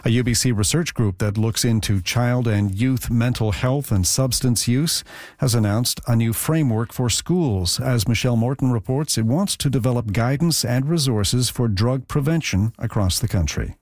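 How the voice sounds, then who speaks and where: A man reading radio news in a steady, measured way. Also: medium pitch, no room sound, clean studio sound. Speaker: newsreader.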